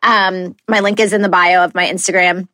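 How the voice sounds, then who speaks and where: A woman in her thirties talks straight to her listeners in a relaxed, earnest podcast monologue. Her delivery is chatty and full of small fillers. The close mic gives a dry, intimate sound. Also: lowish voice, normal speed, no room sound. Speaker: podcast host. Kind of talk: casual solo podcast talk.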